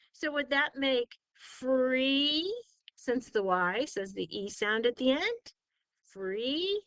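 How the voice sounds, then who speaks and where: A woman's voice: a little high, pushed and bright, no echo, rough recording. A woman tutoring spelling in a patient phonics lesson, drawing out vowel sounds and asking questions she then answers herself. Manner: asks leading questions and answers them herself.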